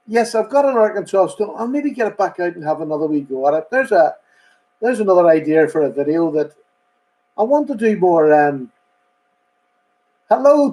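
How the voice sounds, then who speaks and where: A man's voice: high-pitched, dark tone, low-quality recording. A man hosting a casual live stream, rambling chattily and greeting viewers by name. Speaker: host.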